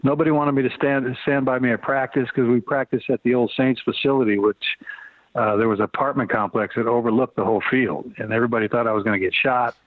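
A man's voice: mid-range voice, steady tone, fast talker, no room sound. A man around sixty telling stories bluntly and casually, with cursing, as an interview guest. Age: 60s. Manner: blunt, laid-back storytelling with cursing. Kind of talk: storytelling interview answers. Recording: phone-line sound.

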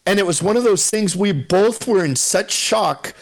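A man's voice: high voice, moderate pace. A middle-aged man telling a story on a radio show, laughing often and acting out the quotes.

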